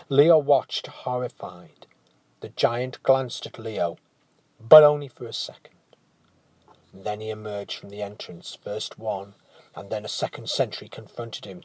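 A man narrating a storybook tale in a hushed, dramatic manner that often drops to a whisper. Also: medium pitch, no room sound.

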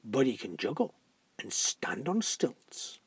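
A storyteller voicing a fussy male gatekeeper who politely frets, with a husky voice. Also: medium pitch, big pitch swings, takes it slowly, dry recording, studio quality, full character voice. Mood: fretting.

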